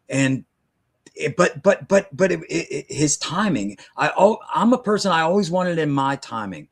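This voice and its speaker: A man's voice: fairly high pitch, expressive, moderate pace, breathy edge. A man hosting a live stream, speaking heartfelt and often stumbling over his words with repeated restarts. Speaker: host.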